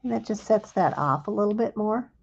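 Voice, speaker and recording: A woman hosting a live crafting demonstration and explaining each step gently and without hurry. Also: mid-range voice, expressive, brisk, gravelly, slightly rough, dull audio. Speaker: craft instructor.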